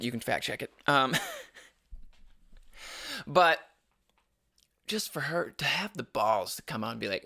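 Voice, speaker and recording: A man's voice: mid-range voice, sing-song, measured pace, creaky, long pauses, sharp tone. A young adult man hosting a casual solo podcast, rambling and opinionated with frequent restarts. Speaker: podcast host.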